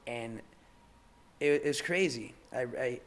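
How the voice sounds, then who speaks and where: A young man speaks as a podcast guest in a casual conversation, his mid-range voice heartfelt and halting. He often repeats words while searching for the right ones.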